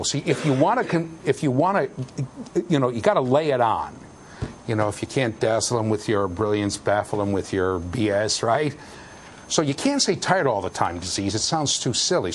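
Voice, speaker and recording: A middle-aged man lecturing a university class, swinging his voice up and down with lots of life. He teases the students with jokes and raises his voice to drive points home. A faint hum of the lecture hall sits behind him. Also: mid-range voice. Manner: animated, jokey, shouts for emphasis.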